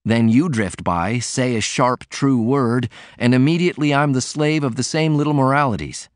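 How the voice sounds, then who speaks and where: A man's voice: medium pitch, moderate pace, no room sound, clean studio sound, voice pushed up, natural voice. A man voicing a proud, poor young man who talks earnestly and defensively.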